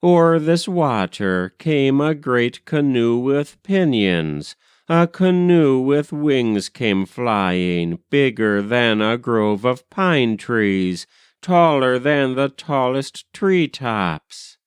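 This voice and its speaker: A man voicing a boastful male traveler telling of marvels, in a slow storytelling cadence. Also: mid-range voice, expressive, clean tone, no room sound, studio quality. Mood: boasting.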